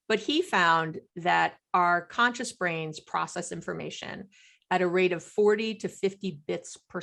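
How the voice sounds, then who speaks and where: Animated woman psychologist explaining. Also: on the low side, vocal fry. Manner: animated, acts out quoted partners. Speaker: psychologist guest. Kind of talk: podcast interview talk.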